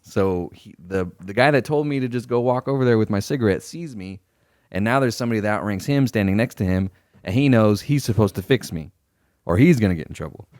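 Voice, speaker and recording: On the low side and brisk, his voice comes through dry with clean studio sound. Co-hosting a podcast, the young man tells stories casually, swears freely, and animatedly acts out the superiors and others he quotes.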